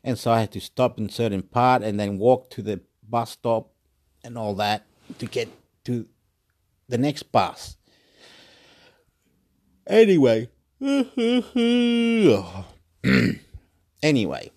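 An Australian man chatting loosely to the camera. He rambles, circles back to repeat his own phrases, and drops swear words without pause. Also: medium pitch. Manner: rambling, repetitive, swears freely. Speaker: vlogger. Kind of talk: casual solo chat.

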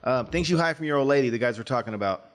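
A man's voice: medium pitch, expressive. A man co-hosting a podcast in casual chat, throwing in teasing jokes. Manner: teasing, quick joking interjections. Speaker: podcast co-host.

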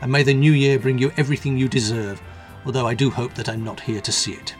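A man's voice: medium pitch, flat delivery, fast, faint music behind, close to an everyday voice. A man voicing a wry, defiant male prisoner who speaks dryly and enigmatically in a storybook reading. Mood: enigmatic. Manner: dry, quietly mischievous.

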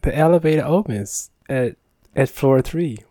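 A man on a podcast, telling a story in a casual, animated way, acting out the dialogue and laughing often. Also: medium pitch, a little slow, no echo.

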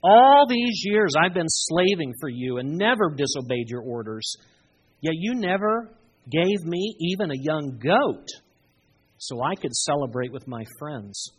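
A preacher voicing the resentful older son from a parable, complaining with aggrieved indignation in a raised, louder voice. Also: medium pitch, very animated, unhurried, slightly rough, rough recording.

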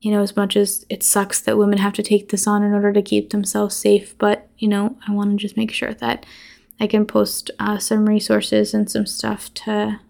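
A woman's voice: medium pitch, completely flat delivery, moderate pace, gravelly, a little mellow. A woman podcast host casually recapping a horror movie, chatty and swearing freely, acting out the characters' lines.

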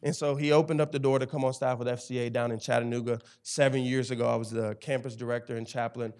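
A man in his thirties from Tennessee, a campus ministry director and chaplain, telling his personal testimony in conversation with emphatic, animated storytelling. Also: mid-range voice, fast.

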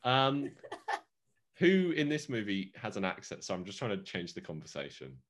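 An English man co-hosting a podcast in casual chat, teasing and quick to argue. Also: lowish voice, sing-song. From England. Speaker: podcast co-host.

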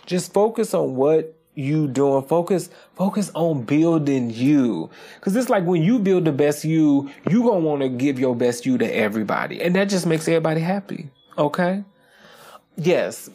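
A podcast host talking casually on their own, animated and profane, often checking in with "okay?". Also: medium pitch, moderate pace. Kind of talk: casual solo podcast monologue.

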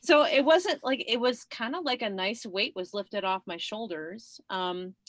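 A middle-aged woman telling a personal story in casual conversation, chatty and quick to laugh, with lots of fillers. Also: medium pitch, no room sound. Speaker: guest.

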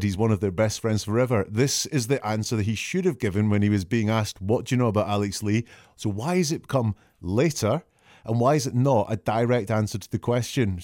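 A man with a fairly low voice picks apart interview answers, asking pointed questions and leaning hard on single words. The sound is dry and close, with no room around it. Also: a little mellow, no room sound. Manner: questioning, emphatic, quotes and dissects answers. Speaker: statement analyst. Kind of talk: analytical commentary.

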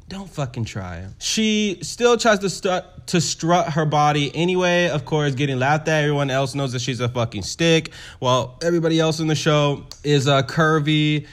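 A man chatting through a TV episode recap with plenty of sass and swearing. His storytelling is animated and loose, and his voice sits at an average pitch for a man. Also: smooth. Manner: sassy, profane, animated storytelling. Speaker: show recap host. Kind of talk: casual TV recap chat.

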